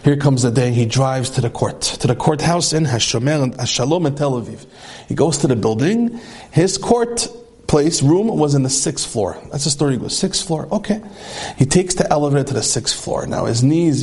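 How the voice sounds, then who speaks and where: A man giving an animated storytelling sermon, acting out the voices of the people in the story. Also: a little high. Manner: animated, acts out quoted voices. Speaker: Torah teacher.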